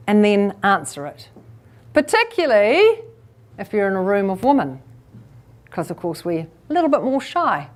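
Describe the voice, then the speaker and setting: A woman public speaking coach giving a keynote speech to a live audience. She plays out quick asides and leans on deliberate pauses and shifts in pace. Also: mid-range voice. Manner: lively, acts out listeners' inner thoughts in quick asides.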